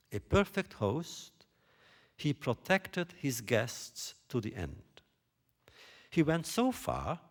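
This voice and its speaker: A man giving a lecture on a biblical text, posing rhetorical questions in a deliberate way. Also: mid-range voice. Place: lecture hall stage.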